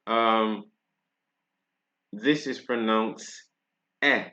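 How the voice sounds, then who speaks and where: A man's voice: lowish voice, takes it slowly, a bit bright. A man from Barbados with a Barbadian accent, giving a French pronunciation lesson and checking in with "right?" after each point. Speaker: French teacher.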